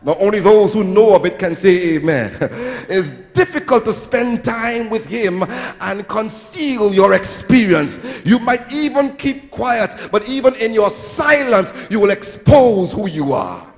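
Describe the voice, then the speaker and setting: A high-pitched man delivers a sermon, his voice gravelly at the edges. He swells into sing-song phrases and acts out quotes. The sound carries a long church-hall reverb. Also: lively intonation, unhurried, few pauses, faint music behind. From Trinidad and Tobago. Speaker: pastor. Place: church sanctuary.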